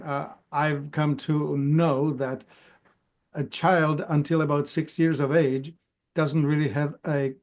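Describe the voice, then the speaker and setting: A man hosting a podcast, asking curious questions and explaining points slowly and carefully. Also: on the high side. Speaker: podcast host. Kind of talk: casual interview chat.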